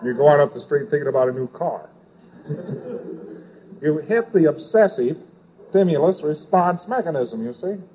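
A man's voice: on the high side, animated, moderate pace, pauses often, slightly rough. A man giving an informal lecture, rambling and repetitive, dropping in sound effects and asides. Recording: tinny old lecture tape.

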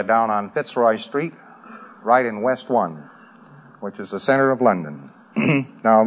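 A man's voice: on the low side, a little hiss or hum. An American man giving a humorous talk to a live audience, rambling with dry asides. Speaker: lecturer. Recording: dull lo-fi old recording.

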